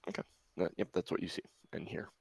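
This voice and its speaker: A man narrating a tabletop game as game master, halting and searching for words. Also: a little mellow, dry recording.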